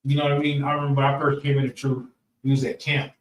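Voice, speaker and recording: A man's voice: medium pitch, flat delivery, racing. Man, class leader, casual preachy delivery, echoey room, mic far off. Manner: casual, repeats phrases, asks the room for agreement. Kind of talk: preaching-style group lesson.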